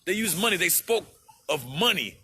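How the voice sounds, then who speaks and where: A man's voice: high voice, very animated, moderate pace, sharp tone, a little hiss or hum. A man on a livestream, speaking to his viewers in an impassioned, profane rant and repeating himself for emphasis.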